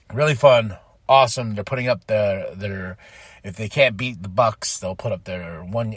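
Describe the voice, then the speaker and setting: A man hosting a podcast, giving an excitable, casual recap of a wrestling show and acting out the wrestlers' lines. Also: fairly low pitch, slightly rough, no echo. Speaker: podcast host.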